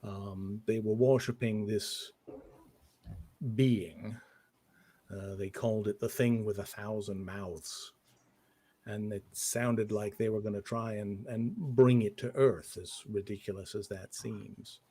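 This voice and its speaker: A man playing a guilt-ridden occult investigator in a tabletop game, telling his story in halting, hesitant bits. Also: on the low side, steady tone, warm tone, breathy edge, full character voice. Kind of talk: in-character tabletop role-play.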